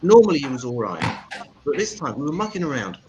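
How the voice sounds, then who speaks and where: A man doing stand-up comedy as MC. He tells crude, sweary deadpan one-liners. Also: fairly high pitch, fast talker, lo-fi sound, background noise.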